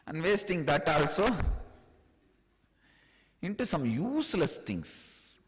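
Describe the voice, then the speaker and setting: A man from India with an Indian accent giving a spiritual discourse, chuckling often and speaking in an animated, teasing way. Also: fairly high pitch, slow, pauses often, big-room sound, rough recording. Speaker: spiritual teacher.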